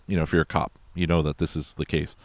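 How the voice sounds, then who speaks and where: Man, extremely low voice, profane casual movie recap host, dry close mic. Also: little pitch movement, fast talker, dry recording. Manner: rambling, profane, loose and conversational. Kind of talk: casual film recap chat.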